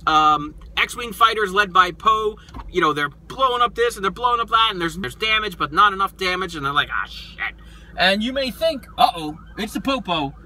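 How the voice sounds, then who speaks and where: A man hosting a toy show, excitedly retelling a movie in a casual, animated way, acting out the lines and swearing freely. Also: sits high, fairly quick, poor audio. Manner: animated storyteller, acts out quotes, swears freely.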